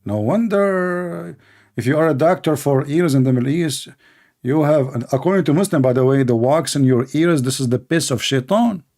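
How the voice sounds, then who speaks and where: Man, slightly high voice, sarcastic, exasperated, mocking commentary. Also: expressive, moderate pace, darkish tone. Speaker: religious debate commentator.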